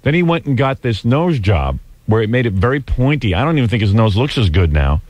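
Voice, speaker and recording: A man's voice: medium pitch, big pitch swings, brisk, darkish tone. A man in his forties hosting a radio talk show, telling rambling, self-deprecating stories in casual chat. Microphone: studio microphone.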